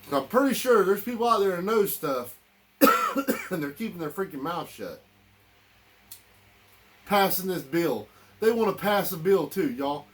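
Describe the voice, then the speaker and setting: A man's voice: sits high, lively intonation, a little slow, long pauses, a bit bright. Angry man ranting. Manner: heated, repetitive, addresses listeners as y'all. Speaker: political commentator. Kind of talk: angry political rant.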